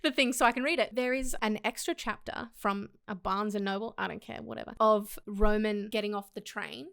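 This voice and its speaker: An Australian woman co-hosting a casual book club chat, excitable and laughing often as she acts out characters' lines. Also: medium pitch, a little fast, gravelly, smooth.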